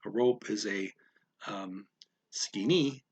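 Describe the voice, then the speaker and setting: A man slowly explaining a story word by word as a language teacher, thinking aloud with many pauses. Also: on the low side. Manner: slow, thinking aloud, frequent fillers.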